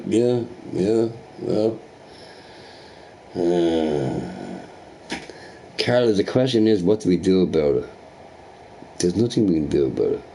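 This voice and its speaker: A man chatting casually while streaming a game, rambling and swearing through animated rants and asking "right?" often. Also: low voice, measured pace, pauses often, slight background noise. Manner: profane, ranting, animated opinions with frequent "right?".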